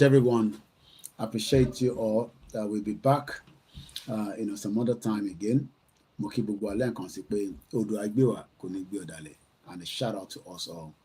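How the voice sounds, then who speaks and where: A man's voice: on the low side, darkish tone, slight background noise. A middle-aged man with a Nigerian accent hosting a casual livestream from home, rambling and slipping between English, Yoruba and Pidgin. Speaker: livestream host.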